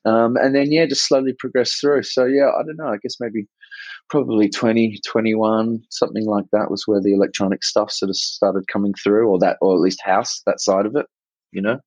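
A man's voice: lowish voice, fairly even intonation, moderate pace, a little mellow, dry recording, rough recording. A man from Australia with a slight English twang, speaking as a guest on a remote call in a laid-back, rambling way. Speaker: guest, club promoter and DJ. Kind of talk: casual interview.

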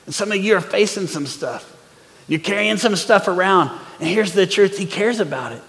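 Male pastor, forties, high gravelly voice, animated sermon, long hall reverb. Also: normal speed. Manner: animated preaching, swings from loud to hushed. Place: church sanctuary.

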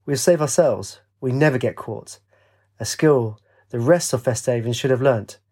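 A man's voice: medium pitch, moderate pace, dark tone, lightly acted. A man voicing a cocky, charming male singer who leads an outcast camp, laid-back and teasing. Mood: proud.

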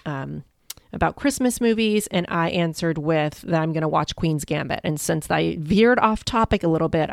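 A woman life coach hosts her own podcast, telling stories in a chatty, upbeat solo monologue. Her voice is fairly low and creaky, recorded with clean studio sound and no room sound.

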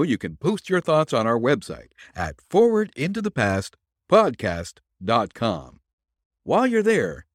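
A man hosting a podcast, reading a classic story aloud in an expressive, theatrical way. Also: medium pitch, no room sound, clean studio sound. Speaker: podcast host and story reader.

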